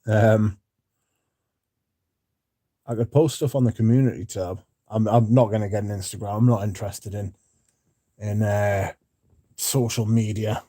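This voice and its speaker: Blunt, sweary man, mellow low voice. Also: steady tone, unhurried, pauses often, dry recording, clean studio sound. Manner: blunt and profane; reads out viewer comments. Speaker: livestream host. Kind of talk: casual livestream chat.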